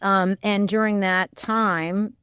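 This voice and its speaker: A woman's voice: mid-range voice, fairly even intonation, slow, a bit bright, clean tone, no room sound. Thoughtful woman historian, dry studio voice. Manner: thoughtful, candid, hedging with "I think". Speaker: historian and author as guest. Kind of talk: public radio interview. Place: radio studio.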